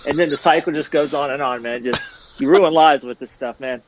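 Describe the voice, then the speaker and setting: With a fairly high pitch and fairly quick pace, a middle-aged man, formerly a tour manager, chats on a podcast in a rambling, laid-back style. Background noise is present, and the lo-fi audio is slightly dull.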